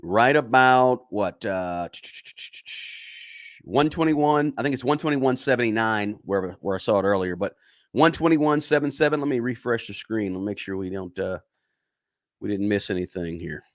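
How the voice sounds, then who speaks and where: Here a finance livestream host talks in a fairly low voice with lively intonation at a normal speed. He's chatty, addresses viewers directly, and keeps repeating himself, all captured in clean studio sound with no room echo.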